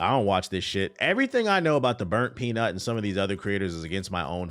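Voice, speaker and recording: A man streaming live, giving casual, profane, animated commentary on news, his voice a bit tired. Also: on the low side, fast, soft background music.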